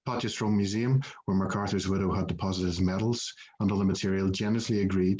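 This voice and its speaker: Low-voiced man presenting. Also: darkish tone. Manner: reads a prepared story steadily, with frequent "uh" fillers. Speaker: museum manager presenting at a heritage conference. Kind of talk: prepared conference presentation. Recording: dull, lo-fi recording.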